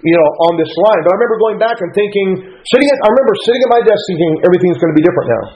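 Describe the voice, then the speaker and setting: A man's voice: high voice, a little mellow, rough recording. A middle-aged man, a pastor telling his life story in a folksy, earnest way that keeps correcting itself, heard in a radio broadcast. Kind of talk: personal storytelling talk.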